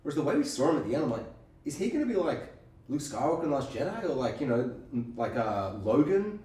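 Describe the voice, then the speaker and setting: Animated man chatting in an echoey room. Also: medium pitch, distant mic. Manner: animated, acts out scenes in quick impressions, swears. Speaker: podcast co-host. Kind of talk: casual chat.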